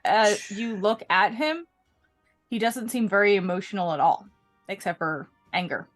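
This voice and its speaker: A woman's voice: medium pitch, moderate pace. Woman game master, matter-of-fact, narrating and ruling, faint music behind.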